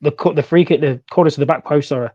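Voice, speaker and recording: A man, co-hosting a casual football podcast and chatting in an animated way. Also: on the high side, fast talker, lo-fi sound. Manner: chatty, animated, laughs easily. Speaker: podcast co-host.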